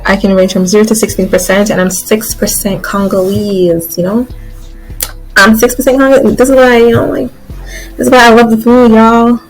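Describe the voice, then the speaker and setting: A woman vlogger talking casually to her viewers, chatty and loose, calling them y'all and guys. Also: mid-range voice. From Guyana. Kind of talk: casual chat to camera.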